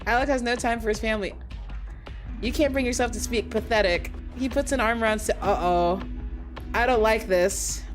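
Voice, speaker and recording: A young woman streaming a game, reading its text aloud and bursting into loud, cursing, indignant rants. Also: fairly high pitch, moderate pace, faint music behind. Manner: swears a lot, laughs mid-sentence. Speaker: VTuber streamer. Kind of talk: casual gameplay commentary.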